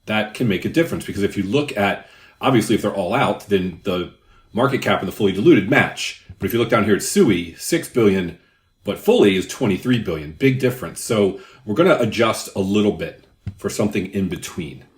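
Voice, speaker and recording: An older man with a low, deep voice talks through crypto numbers casually, drifting into asides and stories. His voice rings in a roomy space with noticeable echo. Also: expressive, a little fast. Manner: conversational, rambling asides. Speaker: crypto YouTuber. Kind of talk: casual explainer with anecdotes.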